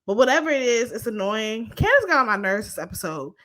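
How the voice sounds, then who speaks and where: A woman's voice: on the high side, sing-song, fast, fairly bright tone. A young woman giving a blunt, profane, sassy recap of a reality show in casual chat.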